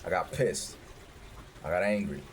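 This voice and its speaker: A man in his thirties telling his life story in a candid, profane, animated way. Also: low-pitched, unhurried, slight background noise. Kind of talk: casual storytelling.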